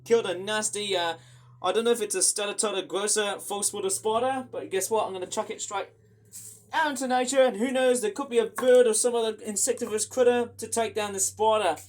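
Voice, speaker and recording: A man chatting excitably in a rambling casual vlog, full of fillers and restarts. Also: high voice, brisk. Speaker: vlogger.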